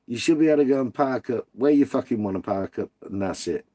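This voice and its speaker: A man's voice: medium pitch, expressive, fast, dark tone. A British man hosting a live stream, chatting casually with viewers and reading out their comments in a blunt, sweary, ranting way.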